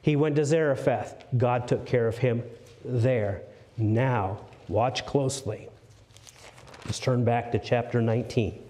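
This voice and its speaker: A man giving a mellow, animated sermon. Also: medium pitch, a little slow. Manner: animated, drops to hushed tones for emphasis; asks the congregation questions. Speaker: preacher. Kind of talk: sermon, Bible exposition.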